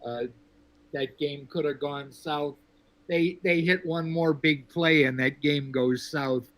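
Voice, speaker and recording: A man from Texas calling into a sports show, talking in a measured, wry way with lots of fillers. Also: on the high side, fairly even intonation, a bit bright. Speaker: caller. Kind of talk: casual sports call-in chat.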